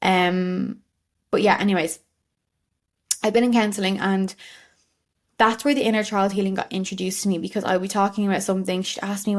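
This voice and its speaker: A woman in her late twenties hosts a reflective solo podcast. She speaks in an earnest, candid way at a middling pitch, often pausing on fillers and starting sentences over. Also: level tone. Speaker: podcast host.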